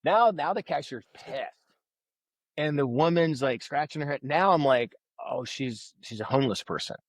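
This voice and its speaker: A man's voice: a little high, normal speed, no echo. A man telling a story as a podcast guest, acting out the voices of people he quotes. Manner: animated storyteller who acts out quoted voices. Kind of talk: conversational storytelling.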